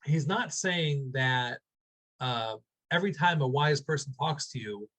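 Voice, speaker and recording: Male rabbi with a slightly high voice, leading an informal class over video call; conversational and searching, often restarting his sentences. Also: animated, a bit bright, rough recording. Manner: thinks aloud with many restarts and fillers; spells out Hebrew words slowly. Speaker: rabbi teaching a weekly class.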